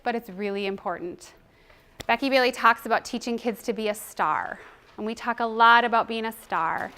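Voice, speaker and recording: A middle-aged woman presenting a teaching workshop, conversational and animated, breaking into short acted classroom scenes. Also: fairly high pitch. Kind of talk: teaching presentation with role-play demonstration.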